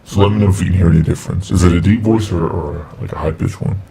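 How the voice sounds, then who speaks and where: A man talking through a voice effect that lowers his voice, rambling while he tests how it sounds. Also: fairly even intonation, fast talker, vocal fry, mellow, a little hiss or hum, low-quality recording. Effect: pitch-lowering voice effect. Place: home streaming setup.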